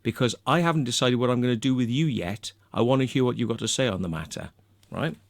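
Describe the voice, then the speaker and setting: A man's voice: medium pitch, fast, gravelly, no echo. A man, telling a story in a blunt, aggressive, sweary way and tagging his sentences with "right?". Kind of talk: profane storytelling monologue.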